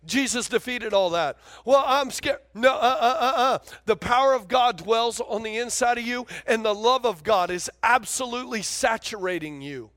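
High-voiced animated male pastor preaching. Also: normal speed, few pauses, no room sound. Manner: animated preaching, calls for congregation response. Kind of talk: sermon.

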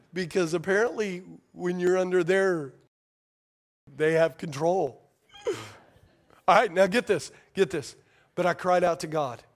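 A man with a very high voice preaches to his congregation in a loose, conversational way. He repeats himself for emphasis, throws questions at the room, and climbs toward near shouts before sinking to a hush. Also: slow pace, long pauses. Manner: rises to near shouting at climaxes, drops to hushed tones in prayer. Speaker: pastor. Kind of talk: sermon.

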